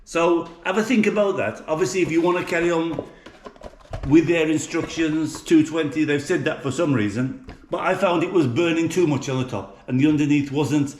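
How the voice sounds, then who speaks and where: On the high side and a little mellow, this man's voice moves at normal speed through a chatty kitchen vlog. He's a middle-aged Englishman with an English accent, prone to fillers and restarts, recorded in a reverberant space.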